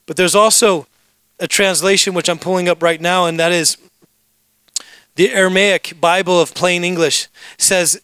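Bright-voiced man preaching a sermon. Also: high-pitched, fairly even intonation, normal speed, pauses often, smooth, dry recording. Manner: storytelling, joking asides with the congregation. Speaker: pastor.

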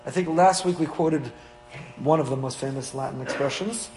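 A man, a rabbi, teaching a weekly Torah class in an animated way, acting out little dialogues with humor. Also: fairly high pitch, normal speed, faint music behind. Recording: long hall reverb.

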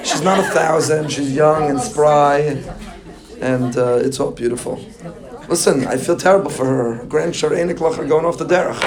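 A man with a somewhat high voice delivers a sermon as a rabbi, lively and full of joking asides. He weaves Hebrew and Yiddish terms into his talk. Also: moderate pace, crowd noise.

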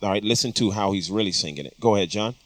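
A man with a lowish voice walks through compressor settings in a studio, talking in a loose, explanatory way with plenty of ums. The sound is close and dry. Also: rapid-fire, fairly bright tone, no echo. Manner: explanatory, casual, with frequent ums. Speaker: audio engineering instructor. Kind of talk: studio tutorial talk. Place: recording studio.

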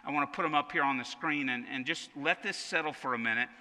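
A pastor with a strikingly bright, forceful voice pitched a little high delivers a sermon in a loose, conversational way. He doubles words as he restarts his thoughts, and a long reverb from the church hall trails after him. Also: quick pace.

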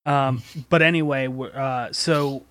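A man's voice: mid-range voice, fairly even intonation, a little slow, a bit bright, no echo. A man hosting a casual podcast, rambling with frequent laughs and casual swearing. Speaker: podcast host and game master.

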